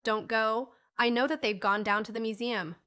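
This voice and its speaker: An excitable, bossy young boy from a storybook, read by a woman narrator. He speaks in a high, bright, forceful voice and keeps exclaiming and insisting. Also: normal speed, clean tone. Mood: excited. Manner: eager, exclaiming, raised voice. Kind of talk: audiobook character reading.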